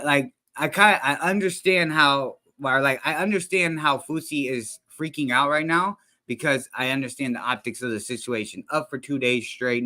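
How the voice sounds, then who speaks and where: A man's voice: mid-range voice, pushed and bright. A man streaming a reaction to a clip, talking in loose, slangy, profane commentary. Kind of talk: casual commentary.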